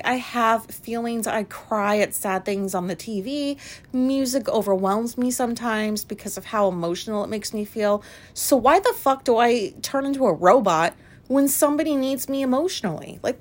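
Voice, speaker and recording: A woman hosting a solo podcast, talking frankly and questioning herself, swearing freely and filling pauses with likes and ums. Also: fairly high pitch. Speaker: podcast host. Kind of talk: candid solo podcast monologue.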